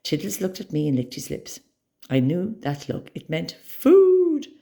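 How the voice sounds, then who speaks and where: Gravelly woman reading a children's story. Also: sits low, normal speed. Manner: expressive, dramatic storytelling.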